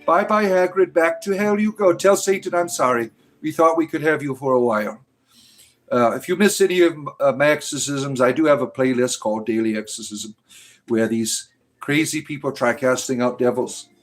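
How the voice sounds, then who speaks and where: A man's voice: medium pitch, normal speed, faint music behind. A man hosting a livestream in casual chat, talking back to his viewers in a sarcastic, scornful way. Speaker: livestream host answering chat.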